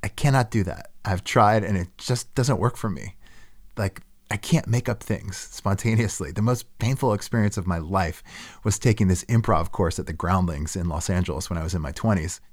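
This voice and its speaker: Man, podcast host, very low voice, conversational, self-deprecating monologue. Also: normal speed. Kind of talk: casual reflective monologue.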